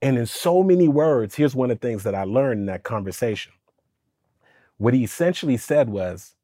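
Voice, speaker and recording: A man telling a personal story on a podcast, animated and lively, slipping into voices for the people in it. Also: medium pitch, moderate pace, dry recording, studio quality. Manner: lively, does voices for people in his stories, stammers when excited. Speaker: podcast guest, speaking coach. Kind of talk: animated storytelling in casual interview.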